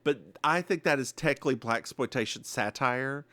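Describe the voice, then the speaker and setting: A man with a Southern US accent co-hosting a podcast, recapping a TV episode in casual chat with animated, sassy asides. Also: mid-range voice, moderate pace, dry recording. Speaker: podcast co-host.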